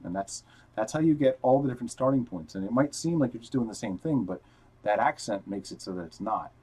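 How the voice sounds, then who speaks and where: Expressive and fairly quick, this man's mid-range voice sounds dark and husky over poor audio. He walks through guitar technique step by step in a casual live lesson, counting notes as he plays, wearing headphones with a wired mic amid guitar playing.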